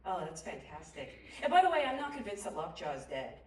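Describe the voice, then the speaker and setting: A woman's voice: lowish voice, big pitch swings, fairly quick, a little mellow. A woman moderating a panel Q&A, enthusiastic and chatty. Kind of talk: hosting a panel Q&A. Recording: roomy hall, distant mic, faint noise.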